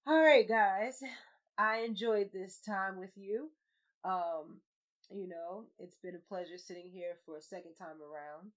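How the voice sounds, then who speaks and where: A woman co-hosting a podcast in casual chat, loud and animated, swearing and acting out quotes. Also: medium pitch, unhurried. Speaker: podcast co-host. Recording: dull lo-fi podcast audio.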